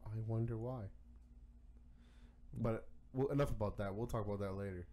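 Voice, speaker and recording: A man's voice: on the low side, moderate pace, dark tone, a little hiss or hum. A man co-hosting a card game podcast, ranting heatedly with lots of swearing and stammered restarts. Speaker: podcast co-host. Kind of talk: casual podcast rant.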